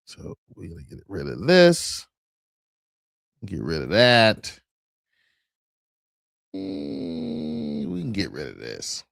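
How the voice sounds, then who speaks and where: A man's voice: on the low side, huge pitch swings, takes it slowly, gravelly, long pauses, fairly bright tone, no room sound, studio quality. A man hosting a crypto show, chatting casually and rambling as he clicks through screens. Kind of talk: casual livestream commentary.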